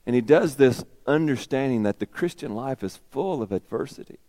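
A man preaching a sermon in a dramatic way, dropping to a whisper and rising to loud emphasis. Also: mid-range voice, animated, normal speed.

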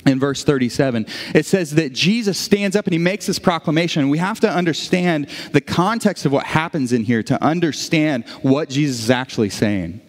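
Conversational pastor preaching in a reverberant sanctuary. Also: male voice, a little high, expressive, moderate pace, few pauses. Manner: conversational, frequent restarts, asides to the congregation. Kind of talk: sermon. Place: church sanctuary. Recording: long church reverb.

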